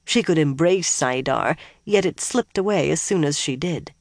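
The voice of this fantasy audiobook is mid-pitched, neither high nor low, with a steady, even, unhurried delivery. No room echo is audible, as the booth is dead and dry.

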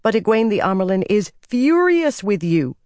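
Narrator doing young woman leader, cool, commanding, measured, audiobook, dry sound. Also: medium pitch, sing-song, darkish tone, no echo, voice pushed up, lightly acted. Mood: firm. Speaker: Amyrlin.

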